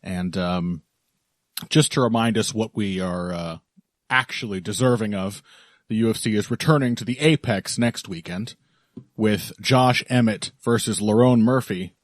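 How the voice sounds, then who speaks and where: A man hosting a podcast in relaxed, chatty talk, laughing often. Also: fairly low pitch, unhurried, no room sound, studio quality. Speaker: podcast host. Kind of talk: casual podcast chat.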